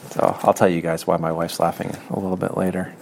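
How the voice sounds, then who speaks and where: Gravelly-voiced middle-aged man preaching. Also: sits low, flat delivery, quick pace, heavy background noise. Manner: earnest, conversational, self-deprecating, repeats phrases. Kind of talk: sermon.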